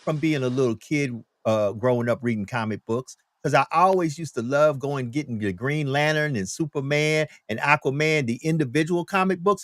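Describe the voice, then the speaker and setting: A man hosts a live talk stream, preaching his point with heavy emphasis and repeated lines. His voice sits fairly high, and the mic is close and dry with no room at all. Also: dry recording. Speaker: host.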